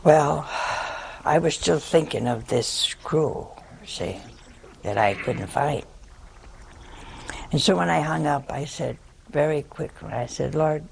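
Slow, gravelly older woman storyteller. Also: low-pitched, a little mellow, slight background noise. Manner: slow, wry, deliberate telling. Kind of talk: personal storytelling.

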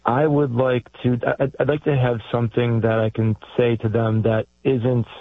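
A man's voice: medium pitch, flat delivery, normal speed, dry recording. Hesitant male caller on a tinny phone line. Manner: hesitant, many fillers and restarts. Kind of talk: call-in conversation.

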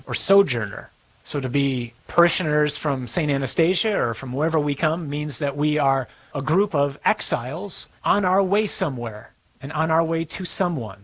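A man's voice: mid-range voice, low-quality recording. A man preaching a sermon as a priest, conversational and emphatic, repeating words for stress.

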